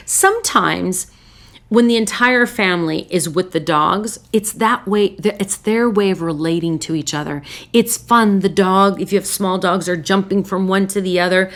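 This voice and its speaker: A woman hosting a relationship advice talk and speaking straight to her listeners. She uses short, punchy, repeated phrases. Every so often she breaks into excited, high-pitched voices to act out joyful greetings. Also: moderate pace. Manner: lively, bursts into excited high voices when acting out greetings. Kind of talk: direct advice talk to camera.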